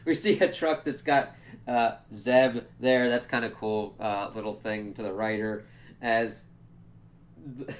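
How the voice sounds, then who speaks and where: A man at an ordinary middle pitch talks loosely through a comic book review. He fills his speech with "kinda" and "like" and swears freely. He keeps breaking into quick acted-out reactions. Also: fairly bright tone. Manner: loose and rambling, full of fillers and swearing, acting out quoted reactions. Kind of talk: casual spoken review.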